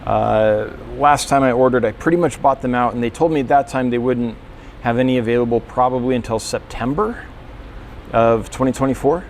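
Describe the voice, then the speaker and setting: A man's voice: mid-range voice, a little fast, a little mellow, slight background noise. A man who runs a fish store, talking casually through a store tour, rambling a little with fillers and self-corrections.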